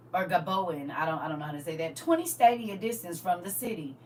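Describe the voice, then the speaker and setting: A woman's voice: mid-range voice, recorded from a distance, a little hiss or hum. A woman, reading scripture aloud and commenting on it in a preachy way, full of rhetorical questions. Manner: preachy, rhetorical questions, swings from loud to quiet. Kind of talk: casual livestream commentary.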